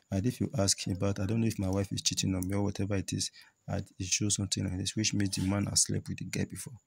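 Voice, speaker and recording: A man's voice: lowish voice, vocal fry, husky. A man teaching cowrie shell reading, explaining with repetition as he points out each shell. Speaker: spiritual teacher.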